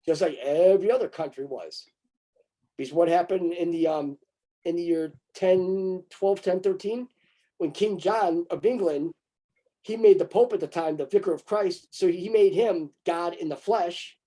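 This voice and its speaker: A man's voice: sits high, moderate pace, mellow. A man talking casually in a crude, rambling way, with mocking asides. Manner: breaks into mocking put-on voices. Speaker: conversation partner.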